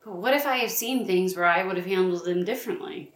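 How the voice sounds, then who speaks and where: A woman's voice: on the low side, fast. A young adult woman co-hosting a podcast, teasing and persistent as she calls her partner out. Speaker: podcast co-host. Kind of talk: casual bickering chat. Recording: roomy home recording, faint hiss.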